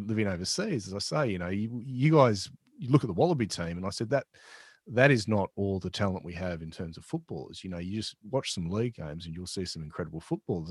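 A man's voice: low voice, slightly rough, no room sound, clean studio sound. A man hosting a podcast, telling a sports story casually with lots of restarts. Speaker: podcast host.

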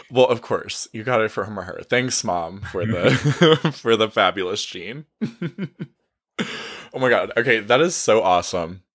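Male coach hosting a podcast, lowish voice, upbeat and affirming. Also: sing-song, takes it slowly, pauses often, fairly bright tone. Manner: enthusiastic, affirming, laughs often. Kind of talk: casual podcast conversation.

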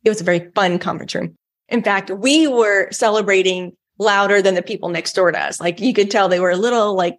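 A woman's voice: medium pitch, fairly quick. Texan woman, podcast guest, chatty and upbeat, casual storyteller. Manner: chatty and enthusiastic, many "like"s. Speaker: guest giving a testimonial.

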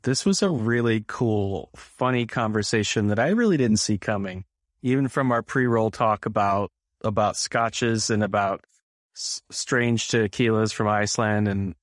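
A man's voice: on the low side, a little slow, no room sound, clean studio sound. A man co-hosting a podcast, talking in an easygoing way with lots of "like" fillers. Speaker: podcast co-host. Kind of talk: casual podcast chat.

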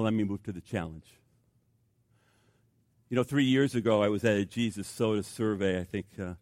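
An older man, a pastor, preaching a sermon with animated storytelling that swings between loud emphasis and hushed, quiet passages. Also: lowish voice, no room sound.

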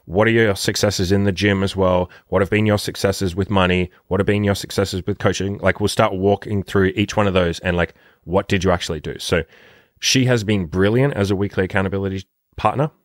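Brief: young male dating coach, deep voice, dry close sound, blunt and profane. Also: steady tone, fairly quick, no echo. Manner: blunt, profane, rambling with many fillers. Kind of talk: casual vlog monologue.

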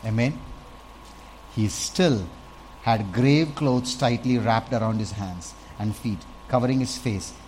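A man preaching a sermon as pastor, animated, swinging from quiet stretches to loud bursts as he acts out little scenes. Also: medium pitch, a little hiss or hum, low-quality recording.

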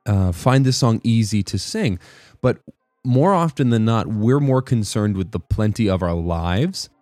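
A man's voice: fairly low pitch, animated, unhurried, mellow, no room sound, faint music behind. A man giving a casual devotional talk, rambling and correcting himself, often checking in with "right?". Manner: rambling, self-correcting, keeps asking "right?". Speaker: worship music commentator.

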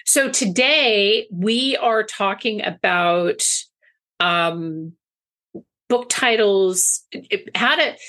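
A woman's voice: mid-range voice, fairly bright tone. A woman co-hosting a podcast, chatting in a rambling, friendly way, often restarting her sentences. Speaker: podcast co-host. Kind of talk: casual podcast chat.

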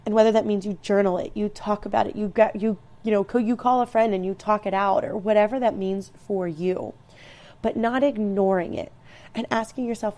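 Woman in her 30s talking through feelings, earnest, kinda rambly, soft warm voice. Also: medium pitch, steady tone, a little fast. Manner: earnest, rambling with many restarts. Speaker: speaker sharing personal growth advice. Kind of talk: reflective personal talk.

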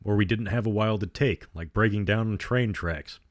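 A man reading the part of an easygoing, jokey teenage boy who tells his tale deadpan, in a storybook reading. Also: fairly low pitch, fairly quick, dry recording, studio quality, natural voice.

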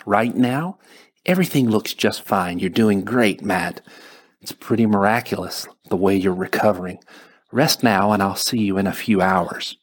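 A male narrator lends his low voice to a calm hospital doctor who speaks English with a foreign accent. He explains the patient's injuries in a steady, reassuring way with a slightly husky tone. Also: moderate pace. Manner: calm, reassuring bedside manner.

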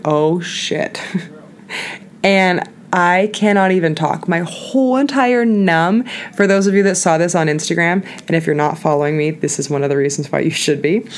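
A woman's voice: low-pitched, a little hiss or hum. A woman hosting a podcast, telling a story in a chatty, candid way, full of "like" and frequent laughs. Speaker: podcast host. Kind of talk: casual storytelling monologue.

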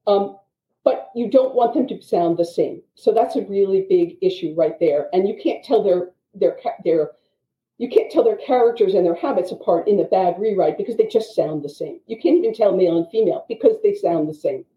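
A woman teaches writing craft, explaining points with animated asides. Her voice sits at an ordinary pitch for a woman. The audio is muffled and dull, with a noticeable echo from the room around her. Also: a little fast, a little hiss or hum.

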